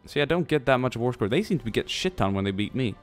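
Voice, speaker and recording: A man's voice: mid-range voice, lively intonation, quick pace, soft background music. A man giving casual, rambling commentary over a strategy game, thinking aloud and tossing in jokey asides. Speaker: let's play commentator.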